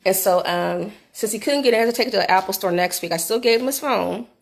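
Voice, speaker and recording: A middle-aged woman telling a candid personal story into her phone for a vlog, animated and swearing freely. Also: mid-range voice, quick pace, vocal fry. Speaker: vlogger.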